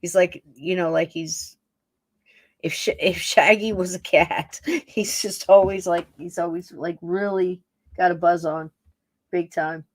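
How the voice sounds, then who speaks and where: A woman's voice: fairly low pitch, steady tone, unhurried, dry recording, studio quality. A woman hosting a podcast, chatting casually in a rambling, affectionate way and laughing often. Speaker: podcast host. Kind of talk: casual chat, talking to her pets on camera.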